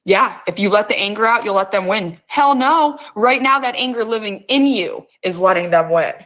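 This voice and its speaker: In this guided emotional release session, the host is a middle-aged woman with a mid-range, fairly bright voice, lively intonation and a moderate pace. She urges her listeners on using intense words and plenty of profanity.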